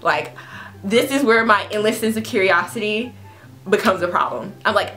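A woman's voice: mid-range voice, a little fast, soft background music. Chatty young woman telling a story. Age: 20s. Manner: chatty, animated, laughs while telling. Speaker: food vlogger telling a story. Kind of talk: casual storytime vlog.

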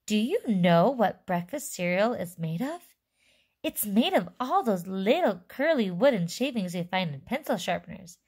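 A woman voicing an eccentric, excitable male chocolate maker with theatrical exclamations, reading to a class. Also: mid-range voice, normal speed, slightly rough. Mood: indignant.

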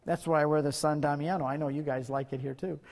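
A male guest speaker giving an evangelistic lecture to students, telling stories in an animated, emphatic way in a university lecture hall. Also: fairly high pitch, fast, creaky. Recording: long reverb in a large hall.

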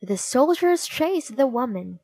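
A woman reading a children's storybook aloud in a slow, expressive way. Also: high-pitched. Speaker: narrator.

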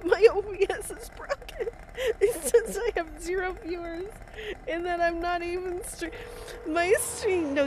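A woman's voice: extremely high pitch, slight background noise. A woman game streamer on a live stream, giggly and overwhelmed as she thanks her viewers, swearing casually.

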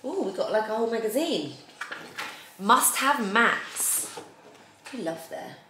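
A woman's voice: a little high, animated, unhurried. Chatty english woman gushing over makeup, echoey room, bit of hiss. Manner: gushing, chatty, enthusiastic about products. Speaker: beauty vlogger host. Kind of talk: casual unboxing chat. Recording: echoey room with faint noise.

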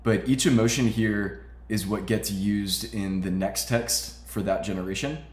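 A man hosting a casual tech tutorial, explaining steps in a relaxed way with frequent fillers. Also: on the low side, a little slow, roomy sound. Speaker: tutorial host.

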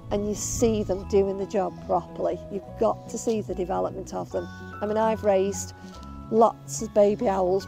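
A woman's voice: medium pitch, vocal fry, mellow. A woman, a bird of prey handler, chatting casually and affectionately while filming outdoors. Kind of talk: casual video update.

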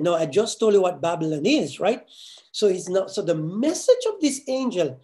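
Mellow-voiced pastor teaching a sermon. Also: male voice, high-pitched, expressive. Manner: repeats words and asks "right?" often, slows to stress key phrases.

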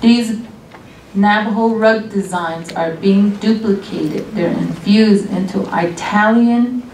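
A woman's voice: medium pitch, a little mellow. A middle-aged woman delivers a guest lecture at a college, earnest and reflective, taking her time between thoughts. Her voice is picked up from a distance, with the room's echo around it and a faint hiss underneath. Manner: earnest, reflective, speaks slowly with pauses. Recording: echoey room, distant mic, faint noise.

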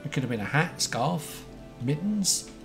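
An excitable, chatty man livestreaming a game, greeting viewers by name. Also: on the high side, a little slow, gravelly. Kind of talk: casual live-stream chat. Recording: faint music behind.

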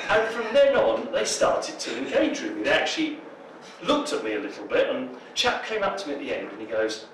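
Lively, animated man telling stories to a room. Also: high-pitched, a little fast, crowd noise, background noise. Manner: jokey storyteller, acts out quoted voices. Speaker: political speaker. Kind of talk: anecdotal public talk. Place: pub function room with an audience. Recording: roomy, distant mic, faint ambience.

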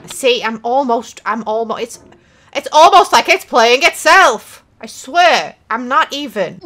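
Young woman, gaming host, profane commentary, bright tone, unhurried. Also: high-pitched, lively intonation. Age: young adult. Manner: loud, swearing, self-mocking. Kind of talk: profane let's-play commentary.

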